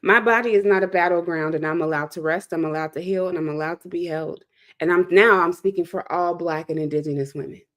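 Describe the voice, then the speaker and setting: A woman's voice: fairly low pitch, quick pace, fairly bright tone. Emphatic woman from Chicago's South Side. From South Side of Chicago, USA. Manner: emphatic, preacher-like, repeats key phrases. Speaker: host and speaker. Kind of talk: impassioned monologue.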